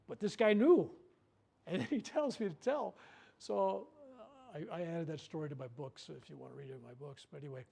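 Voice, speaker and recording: An older man giving a workshop talk, telling a personal story with lively acted-out quotes and repeated words. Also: a little high, normal speed, gravelly, husky. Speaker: workshop speaker. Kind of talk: storytelling talk to a live group.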